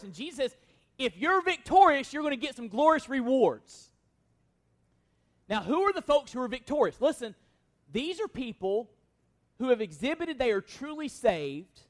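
A man with a strikingly high-pitched voice leads a sermon as pastor. He speaks with earnest emphasis and keeps turning his points into rhetorical questions for his listeners. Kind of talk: expository sermon.

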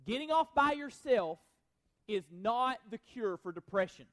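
High-voiced earnest man preaching. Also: expressive, measured pace, fairly bright tone. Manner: earnest, conversational preaching with frequent restarts. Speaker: pastor. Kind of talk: sermon.

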